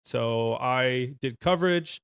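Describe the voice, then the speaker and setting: A man's voice: medium pitch, slow, creaky, a bit bright, clean tone, no room sound, clean studio sound. A man in his thirties, a retired Navy corpsman, telling his story as a podcast guest in a casual, frank way and laughing often.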